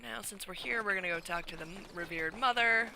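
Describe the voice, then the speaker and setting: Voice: medium pitch, fairly quick, creaky, bright, forceful tone, a little hiss or hum, poor audio. A streamer giving live let's-play commentary, often exasperated, swearing and talking back to the game.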